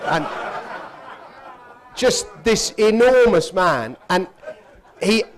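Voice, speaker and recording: A man's voice: high-pitched, big pitch swings, drawn-out words. A man telling a funny travel story in a chatty way, laughing as he goes. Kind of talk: anecdotal storytelling talk.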